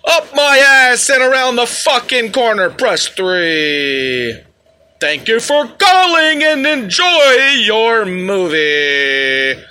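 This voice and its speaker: A man putting on the voice of a smooth male movie phone-line announcer, with a polished announcer delivery. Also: very high-pitched, very animated, takes it slowly, bright, forceful tone, pitched above the performer's own voice, heavily acted.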